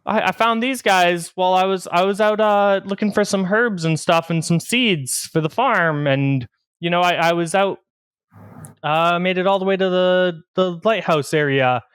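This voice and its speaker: A high, jumpy young farm boy, stammering and eager to seem important, put on by a man running a tabletop game. The voice stays smooth and clear in a dry, close sound. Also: moderate pace, fairly bright tone, no echo. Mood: boastful. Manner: nervous, stammering denials. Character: jittery young male wannabe trainer, boastful liar.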